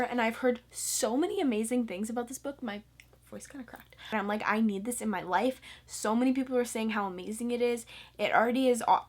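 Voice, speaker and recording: A young woman chatting casually about books to her camera, bubbly and excitable, full of fillers and eager asides. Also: mid-range voice. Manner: bubbly and excitable, lots of fillers, squeals and laughs. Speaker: book vlogger. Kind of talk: casual chat.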